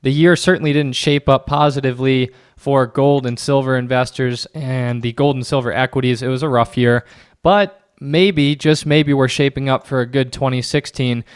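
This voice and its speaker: A man hosts a podcast interview in a smooth, resonant voice. His pitch sits in the middle range. He asks his questions in a friendly, clearly paced way. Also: fairly even intonation, normal speed, no room sound, clean studio sound. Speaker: podcast host. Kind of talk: interview hosting.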